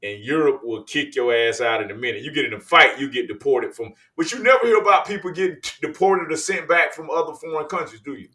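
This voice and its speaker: A man's voice: a little high, animated, fast talker, few pauses, bright, forceful tone. A man from the United States hosting casual commentary on video clips, chatty and loose, talking to viewers as y'all. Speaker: host.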